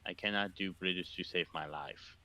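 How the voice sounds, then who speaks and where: Quiet low-voiced man answering hesitantly. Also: steady tone, moderate pace. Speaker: podcast guest. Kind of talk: casual group chat over voice call.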